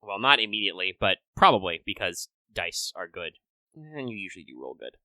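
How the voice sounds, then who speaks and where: A man running a tabletop session talks in quick, chatty bursts, often restarting his sentences. His voice is lowish and bright. The sound is close and dry, like a home headset mic. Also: sing-song, dry recording. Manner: quick, chatty, self-correcting. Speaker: game master. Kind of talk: running a tabletop game over voice chat.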